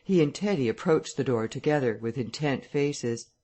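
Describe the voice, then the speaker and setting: A man with a mid-range voice narrates a classic novel as an audiobook, reading the scripted text in a measured, even manner.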